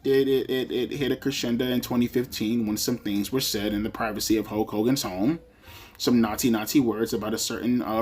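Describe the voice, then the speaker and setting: A man hosting a wrestling countdown video in casual commentary, animated, often stumbling over repeated words and swearing offhandedly. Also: fairly high pitch. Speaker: wrestling list video host.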